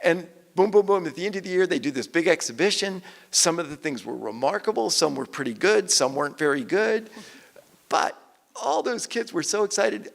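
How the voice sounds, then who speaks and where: An older author, appearing as a guest speaker at an evening event, gives a conversational stage talk in a slightly high, gravelly voice at normal speed. He tells stories animatedly, quoting people in lively voices, and his sound carries a long hall reverb.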